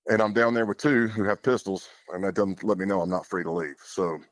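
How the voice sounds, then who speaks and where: Low-voiced man telling his story. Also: fairly even intonation, brisk, no room sound. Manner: plainspoken, loose, with casual fillers. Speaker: podcast guest. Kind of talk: conversational storytelling.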